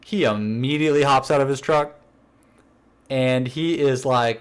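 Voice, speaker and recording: A man's voice: medium pitch, unhurried, smooth. A young man casually telling a prank story as a podcast co-host, acting out what his coworkers said. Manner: animated, acts out quotes of coworkers; laughs while telling the story.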